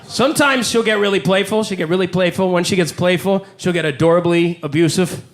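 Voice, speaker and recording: A man's voice: high-pitched, brisk. A man in his forties performing a live stand-up set, telling brash, profane stories. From Canada. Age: 40s. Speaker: stand-up comedian. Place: comedy club.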